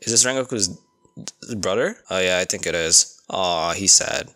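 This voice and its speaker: A young man giving casual, excitable reaction commentary, swearing freely and breaking into sudden outbursts. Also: deep voice, measured pace, soft background music. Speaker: anime reaction youtuber.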